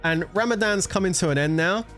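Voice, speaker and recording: A man streaming a mobile strategy game, chatting casually and excitably with his viewers and swearing freely. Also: high voice, fairly quick, faint music behind. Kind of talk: casual live-stream commentary.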